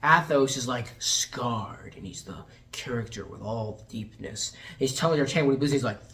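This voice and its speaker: A woman's voice: extremely low pitch, lively intonation, normal speed. A woman reviewing a movie in a casual rant, sarcastic and exasperated, swearing freely and acting out quotes in mocking voices.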